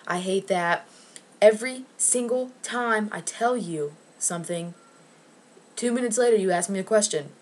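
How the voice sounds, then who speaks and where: A woman's voice: mid-range voice, moderate pace, darkish tone. A woman vlogger ranting angrily and sarcastically to camera, with plenty of swearing. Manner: angry, profane, sarcastic.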